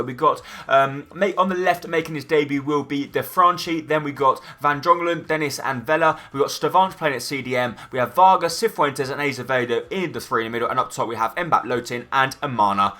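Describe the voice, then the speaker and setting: A man commentating his own football video game match play by play, excitable and talkative. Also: on the high side, quick pace, few pauses. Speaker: gaming YouTuber.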